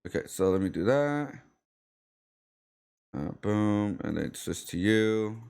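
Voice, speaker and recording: A lowish, smooth, darkish male voice with vocal fry comes across animated yet slow. He hosts a casual, live-streamed artist podcast interview, rambling loosely with plenty of fillers and restarts.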